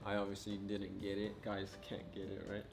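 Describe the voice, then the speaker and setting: Low-voiced young man, rambling vlog chat. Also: normal speed, vocal fry, soft background music. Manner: relaxed, rambling, heavy on filler words. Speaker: vlogger and new father. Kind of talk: casual chat.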